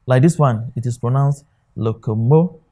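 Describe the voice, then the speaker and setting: In a mellow, warm, mid-range voice at normal speed, an exam tutor lectures a class, working through examples on a board. He frequently pauses to say "okay" and make sure the students are keeping up.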